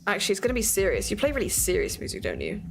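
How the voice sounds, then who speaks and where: A British woman streaming a casual chat, talkative and quick to laugh at herself. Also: mid-range voice, huge pitch swings, creaky, slight background noise. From Britain. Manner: chatty, giggly, self-mocking. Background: faint music playing.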